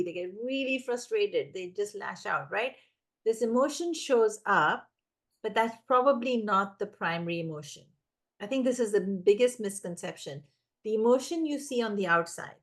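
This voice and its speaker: A woman giving parenting advice in casual conversation, animated and acting out the voices of children and parents. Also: mid-range voice. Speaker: parenting guest expert.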